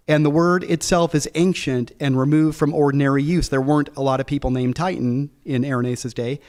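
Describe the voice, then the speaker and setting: A man teaching a Bible class, reading quoted passages slowly and explaining them in a casual way, thinking aloud with many fillers and restarts. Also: on the high side, a little mellow. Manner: slows down to read quoted passages.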